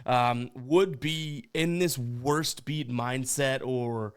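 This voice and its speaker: A Boston man hosts a podcast, responding to voicemails in a relaxed, talkative manner and laughing often. His mid-range voice moves very slowly with a clean tone, and he stumbles over his words now and then.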